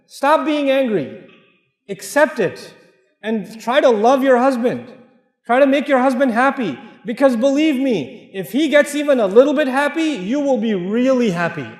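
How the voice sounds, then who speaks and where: A man with an American accent preaching a joking, direct sermon to families. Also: very high voice. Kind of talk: humorous sermon. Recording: echoey hall with long reverb.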